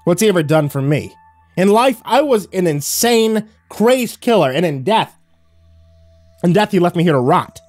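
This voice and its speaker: A man's voice: mid-range voice, level tone, normal speed, few pauses, warm tone, no echo, soft background music, lightly acted. A man voicing a furious damned soul.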